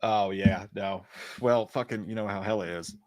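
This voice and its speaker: A man's voice: on the low side, moderate pace, darkish tone, no echo. A man co-hosting a casual movie livestream, swearing casually and teasing his friend over a video call. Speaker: podcast co-host.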